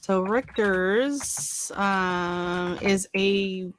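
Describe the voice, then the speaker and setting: A woman's voice: mid-range voice, normal speed, fairly bright tone, a little hiss or hum. A middle-aged woman from Canada chatting on her own livestream, rambling with fillers and restarts as she reads comments. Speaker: channel host on a livestream. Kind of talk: casual livestream chat reading comments.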